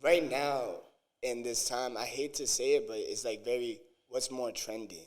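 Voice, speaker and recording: An artist being interviewed, talking in an earnest, halting way with lots of fillers. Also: male voice, medium pitch, steady tone. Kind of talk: casual interview chat.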